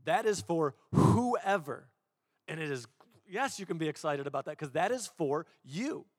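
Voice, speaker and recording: A young man preaches with animated storytelling, acting out each quote as he goes. His voice sits a little high and sounds close and dry. A long reverb from a large hall trails behind him. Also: normal speed. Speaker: pastor. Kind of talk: sermon.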